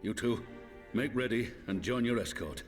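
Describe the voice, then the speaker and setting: A man's voice: mid-range voice, normal speed, soft background music, lightly acted. An actor playing a formal, authoritative male commander who is giving a briefing in a game cutscene. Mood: commanding.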